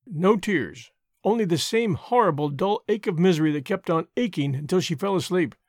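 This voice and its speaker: A man reads an audiobook in a measured, gentle manner. His voice sits high for a man. The sound is dry and close to the mic. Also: animated, no room sound. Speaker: audiobook narrator. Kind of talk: scripted narration.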